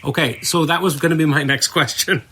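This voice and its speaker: A man hosting a podcast interview, talking casually with halting starts and easy laughter. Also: on the high side, steady tone, heavy background noise. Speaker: podcast host.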